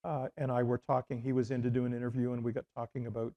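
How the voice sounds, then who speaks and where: A man's voice: medium pitch, flat delivery, fast talker, dull audio. A middle-aged man from Canada, a former radio host, telling rambling anecdotes in an interview with many restarts and fillers. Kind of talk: casual interview storytelling.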